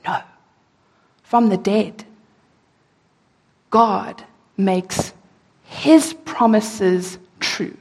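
Woman preaching slow and emphatic, kinda husky, echoey hall. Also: mid-range voice, fairly even intonation. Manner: slow, emphatic reading of scripture with rhetorical questions. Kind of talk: sermon.

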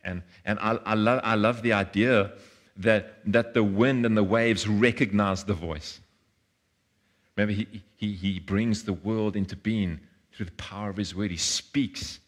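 A man's voice: fairly low pitch, fairly even intonation, a little slow. A man, preaching a sermon in an earnest way, often repeating words and acting out voices. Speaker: pastor.

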